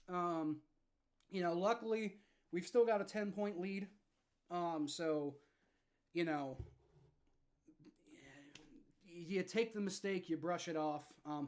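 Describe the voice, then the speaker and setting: A young man hosting a live fan reaction stream with play-by-play, frustrated and swearing, dropping to low mutters and rising to shouts. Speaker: livestream reaction host.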